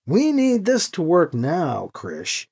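An audiobook reader voicing a calm male team leader, firm and dryly joking, close to the narrating voice. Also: mid-range voice, slow pace, creaky, slightly rough, full character voice. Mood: steady. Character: steady male fighter leader, calm and dry.

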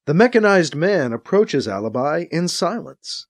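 A man narrating a science fiction audiobook in a dramatic, expressive reading. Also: fairly high pitch, measured pace, no room sound, studio quality. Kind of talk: audiobook narration, acting out scenes.

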